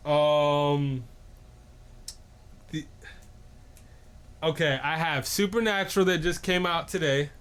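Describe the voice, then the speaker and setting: A young man co-hosting a laid-back podcast, his voice sitting a little high. He talks haltingly, stumbling over repeated words and filling gaps with ums. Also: steady tone, a bit bright, clean tone. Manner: halting, stuttering restarts and fillers. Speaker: podcast co-host. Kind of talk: casual chat.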